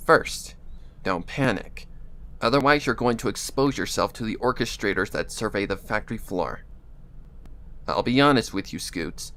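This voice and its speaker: A man's voice: fairly low pitch, animated, normal speed, sharp tone. A man voicing a stern, protective female pony mentor, talking through his nose and giving firm warnings. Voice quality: nasal.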